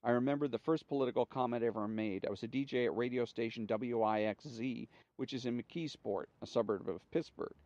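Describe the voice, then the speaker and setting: A man's voice: medium pitch, fairly quick, hardly any pauses, darkish tone, no room sound. Man reading an interview aloud, dry sound. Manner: plain reading voice, announcing each speaker before their lines. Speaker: reader. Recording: dry, slightly dull home recording.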